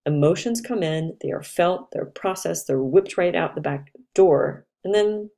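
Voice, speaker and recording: A woman's voice: deep voice, animated, moderate pace, gravelly, few pauses, warm tone. A woman astrologer giving a casual, chatty talk, reflective and loose, with fillers and restarts.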